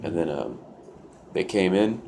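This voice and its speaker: A man's voice: deep voice, measured pace, mellow, slight background noise. A young man telling a personal story in a loose, profane way, full of "like" fillers. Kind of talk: casual storytelling.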